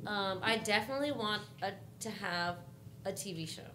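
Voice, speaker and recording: A woman's voice: medium pitch, moderate pace, background noise. A woman guest on a radio chat, an artist, blunt and teasing. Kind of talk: casual group banter.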